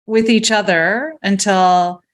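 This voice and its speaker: A woman in her forties hosting a casual chat, laughing often and reacting quickly. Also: mid-range voice. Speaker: podcast host.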